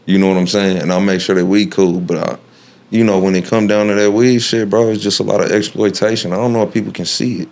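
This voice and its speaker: A man's voice: sits low, a little mellow. A man talking as a podcast guest in casual conversation, blunt and heated, with plenty of profanity and street slang. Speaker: podcast guest, cannabis brand founder.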